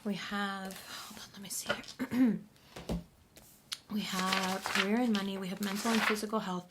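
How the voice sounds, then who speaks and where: A woman giving a casual astrology reading to camera, blunt and profane, often talking in a soft half-whisper. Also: medium pitch, creaky, a little hiss or hum. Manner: blunt and profane, addressing the viewer directly. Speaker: astrology reader.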